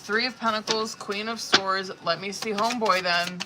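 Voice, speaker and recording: A woman reading tarot cards on a live stream, blunt and expressive, swearing freely as she talks the viewer through each card. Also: mid-range voice, moderate pace, hardly any pauses. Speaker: tarot reader.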